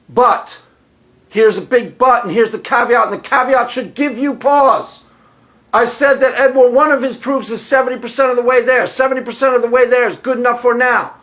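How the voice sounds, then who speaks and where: A man with a strikingly high voice delivers solo commentary as the host of his own channel. He is blunt and mocking, hammers his points home and repeats phrases for emphasis. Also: normal speed, a bit bright.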